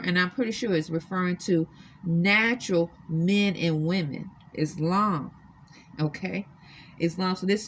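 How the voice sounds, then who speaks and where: A woman's voice: on the low side, a little hiss or hum. A woman earnestly recounting her own experiences to the camera from a hotel room, insistent and emphatic. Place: extended-stay hotel room.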